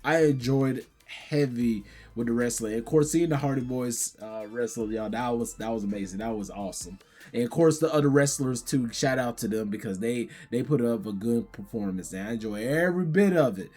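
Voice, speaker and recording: A man, hoarse from yelling, chatting casually to his vlog viewers and saying "y'all" again and again. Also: mid-range voice, moderate pace. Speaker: gaming and convention vlogger.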